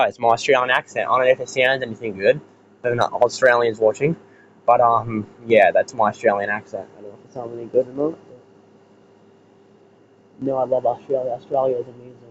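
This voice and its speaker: An American man giving a rambling, casual rant as an online commentator, swearing freely. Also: mid-range voice. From United States. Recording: muffled lo-fi with faint hiss.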